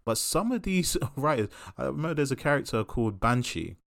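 A man hosting a casual chat podcast, talking in a passionate and opinionated way with quick asides. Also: mid-range voice, big pitch swings, vocal fry, fairly bright tone, no echo, clean studio sound. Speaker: podcast host.

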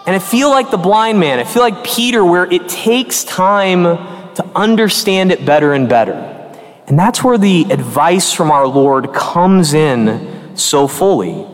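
A man's voice: sits high, expressive, a little slow. A man in his early forties, a Catholic priest, preaching a conversational and earnest sermon with emphatic turns. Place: church. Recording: long church reverb.

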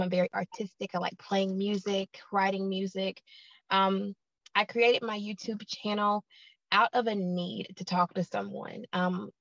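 An American woman in her thirties, originally from Alabama, answering interview questions earnestly with many "um"s and repeated words. Her voice has a strong vocal fry, and the recording sounds dry and a little dull. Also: medium pitch, a bit bright, dry recording. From Alabama, United States. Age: 30s. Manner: earnest, repeats herself, frequent "um". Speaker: podcast guest, YouTuber. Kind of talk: casual interview chat.

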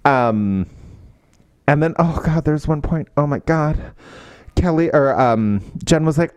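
Man, casual book-podcast co-host, lively pitch, dry close sound, does quick character voices. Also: smooth, dry recording. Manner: animated, acts out character quotes in lifted voices. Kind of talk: casual book review chat.

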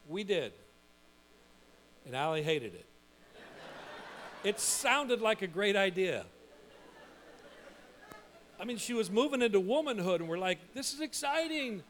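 Male pastor, middle-aged, emphatic repetitive sermon delivery, a bit high-pitched, faint mains hum. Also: unhurried, pauses often. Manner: lively, emphatic preaching with repetition.

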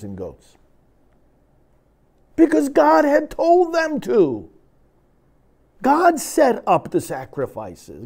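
Man, priest preaching, high voice, very lively swings in pitch, emphatic. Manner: emphatic preaching, reading scripture with dramatic force. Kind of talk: sermon.

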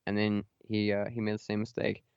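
A man's voice: lowish voice, completely flat delivery, fairly quick, a little mellow, clean tone, dry recording, dull audio. A young man hosting a casual podcast, swearing and laughing as he tells stories. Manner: profane, laughing storyteller. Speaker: podcast host.

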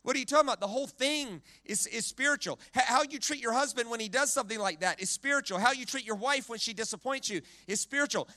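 A man preaching a sermon with a very high, bright voice and a dry, close sound. He is animated, has the crowd repeat words back to him, and often stumbles and restarts mid-phrase. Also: dry recording. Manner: animated, leads the crowd in call-and-response repetition. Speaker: guest preacher.

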